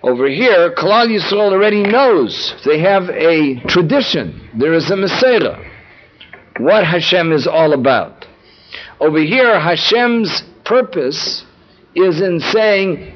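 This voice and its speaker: A man teaching a text study lesson, explaining word meanings and repeating key phrases for emphasis. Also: on the high side. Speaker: Torah teacher. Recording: dull lo-fi recording.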